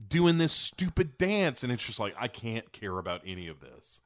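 A man tells a movie's plot to his co-host, his pitch jumping up and down as he mimics the characters. The sound is dry and close to the mic. He talks in a loose, joking way. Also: no echo. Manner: animated, acts out quotes in quick voices. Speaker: podcast co-host. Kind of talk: casual movie recap chat.

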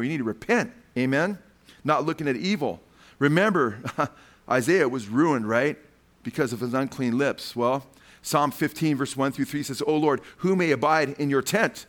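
A man's voice: mid-range voice, normal speed. A male preacher giving a fervent sermon. He keeps calling his listeners "man" and puts questions to the crowd.

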